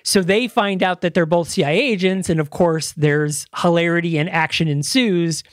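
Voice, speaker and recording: A podcast host chatting casually and with real enthusiasm. The voice sits at a middling pitch and sounds dry and close to the mic. The delivery rambles, with plenty of filler words, restarts and the odd curse. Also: normal speed, no echo. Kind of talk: casual chat.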